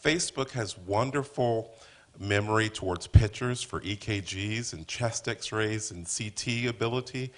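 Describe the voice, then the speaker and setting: A man's voice: lowish voice, a little slow. A man, a physician, asking an earnest, long-winded question from the audience.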